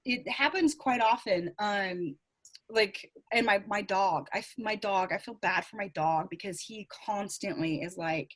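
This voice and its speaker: A woman's voice: mid-range voice, a little slow. A middle-aged woman, a psychic medium guest, chatting and telling stories in a casual interview. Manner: chatty, animated storytelling with laughs.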